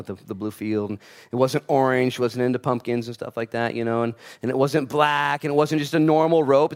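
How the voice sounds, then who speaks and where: A man preaching a casual, conversational sermon, animated and joking as he acts out the voices of people in his stories. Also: medium pitch. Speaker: pastor.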